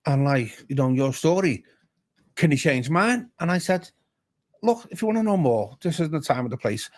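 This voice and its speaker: At a moderate pace and with a somewhat high voice, the Liverpool-accented guest pastor shares a casual story in a pub bar. Every voice he quotes gets acted out, and his manner is animated.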